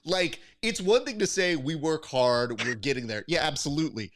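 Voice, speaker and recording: A man's voice: fairly high pitch, moderate pace. A man hosting a podcast in casual, joking chat. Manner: expressive, joking. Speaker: podcast host.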